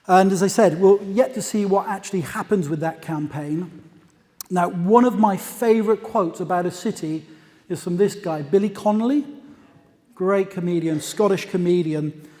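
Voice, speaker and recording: A man presenting at a conference, chatty and anecdotal, often drifting into side remarks. His voice sits fairly high, and a long reverb trails off the walls of a large hall. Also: warm tone. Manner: conversational, anecdotal, with asides. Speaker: conference speaker.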